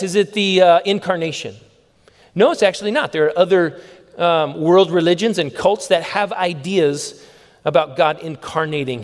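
Man, preacher, sermon, high voice, emphatic, repeats for stress, long hall reverb. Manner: emphatic, repeats phrases and asks the audience questions.

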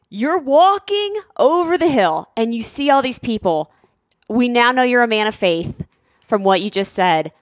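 A woman interviewer asks probing questions at a measured pace. Her voice sits in a middle range and sounds dry and close, with no room echo. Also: mid-range voice.

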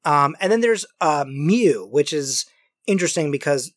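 A podcast guest chatting casually about video games in an animated, rambling way with many fillers. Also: medium pitch, normal speed, dry recording, clean studio sound.

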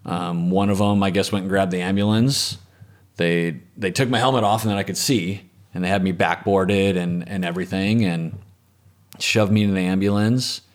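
A man telling a personal story in an interview, calm and reflective, often letting his voice trail off softly. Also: low voice, normal speed. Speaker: interviewee, former medic and lifeguard.

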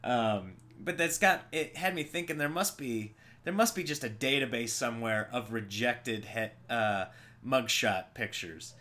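With a cold dropping his voice, a comedian wanders casually through his own show, speaking a little slowly with a sharp tone. He keeps it chatty and jokey and laughs at his own bits.

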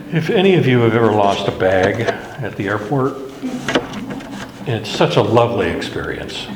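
A man teaching a Bible lesson in a conversational, storytelling way, often laughing at his own anecdotes. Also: mid-range voice. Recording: echoey hall with faint background noise.

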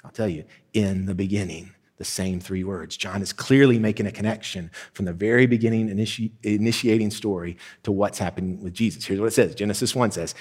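A man preaching a sermon, excited and emphatic, swinging from loud bursts down to quiet, slow stressed words. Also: lowish voice, breathy edge. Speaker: pastor.

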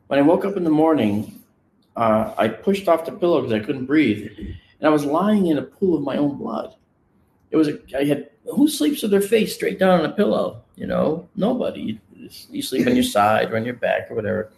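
A man casually telling a personal story in an animated way, acting out the voices of the people he quotes. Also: a little high, normal speed, creaky, roomy sound, slight background noise. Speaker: guest recounting a personal experience. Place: on location, indoors.

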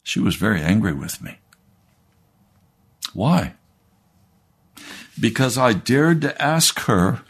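A man's voice: lowish voice, sing-song, slow pace, long pauses, husky. A man, a pastor delivering an earnest, emphatic radio sermon.

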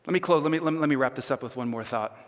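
A man preaching a sermon as pastor, animated and conversational with a teasing edge. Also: mid-range voice, racing. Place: church. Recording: reverberant church hall.

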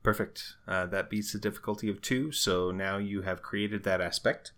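Deep-voiced male game master, bright tone, easygoing and filler-heavy. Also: moderate pace. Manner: relaxed, explains rules with many fillers. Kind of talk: narrating a tabletop game.

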